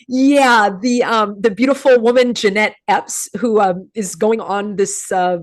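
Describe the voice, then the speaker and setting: A middle-aged woman talks straight to her viewers in a loose, chatty commentary. She is animated and sarcastic and keeps laughing at her own jokes. Her voice sits at an ordinary middle pitch. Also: takes it slowly. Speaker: host.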